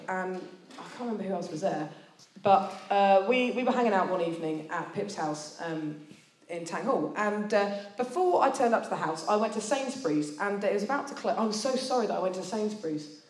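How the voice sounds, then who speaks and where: A woman's voice: medium pitch, animated, moderate pace, a bit bright, echoey room. A woman giving a sermon to students, telling a personal story in a chatty, self-deprecating way with plenty of fillers. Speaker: speaker at a student church meeting.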